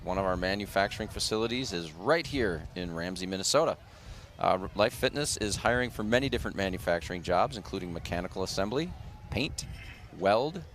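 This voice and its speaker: A man's voice: low voice, lively intonation, a little fast, fairly bright tone. A man doing live commentary on a local TV broadcast of a street parade. He reads sponsor blurbs and chats casually with his co-host.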